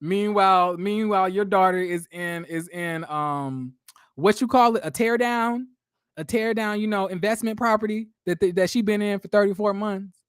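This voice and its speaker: A man's voice: sits high, moderate pace, clean tone, no room sound, clean studio sound. A man giving casual, sassy, blunt commentary on a reality show, full of profanity and fillers. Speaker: reality TV recap vlogger.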